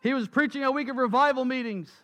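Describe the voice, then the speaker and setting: Emphatic high-voiced male preacher. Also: quick pace, fairly bright tone. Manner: emphatic, with repeated phrases. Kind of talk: sermon storytelling.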